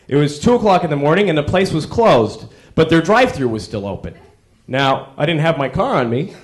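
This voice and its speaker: A man doing a stand-up routine, telling stories in an animated, exasperated way. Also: fairly high pitch. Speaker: stand-up comedian.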